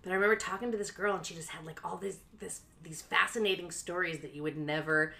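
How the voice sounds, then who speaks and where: Animated woman telling a wild story. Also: quick pace, gravelly. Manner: animated, laughing, acts out quotes in a high voice; frequent "like" fillers. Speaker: podcast co-host. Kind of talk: casual storytelling chat.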